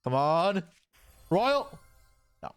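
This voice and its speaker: A man's voice: high voice, big pitch swings, drawn-out words, clear, resonant tone, dry recording, soft background music. A young man chatting casually on a live stream, answering his chat aloud while opening card packs, with offhand swearing. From Canada.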